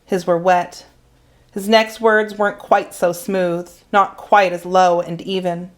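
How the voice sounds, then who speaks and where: A woman teacher reading a children's novel aloud in a calm, measured narration. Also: lowish voice. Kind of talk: storybook read-aloud.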